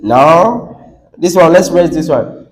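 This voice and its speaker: A man's voice: a little high, expressive, takes it slowly, slight background noise, rough recording. A man with a Nigerian English accent teaching a classroom lesson on word stress, coaxing the class, repeating words and asking questions.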